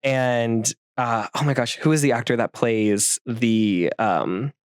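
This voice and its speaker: Excitable young man gushing casually. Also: mid-range voice, slow pace, smooth, no echo, studio quality. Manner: gushing, excitable, full of "like" fillers. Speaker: podcast co-host and actor. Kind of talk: casual interview chat.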